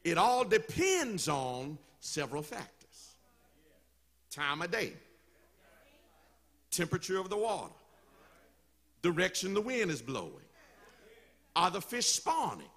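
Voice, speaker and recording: A man preaching a sermon in a church, telling the story with animated call-and-response to the congregation. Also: high voice, takes it slowly, long pauses. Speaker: pastor.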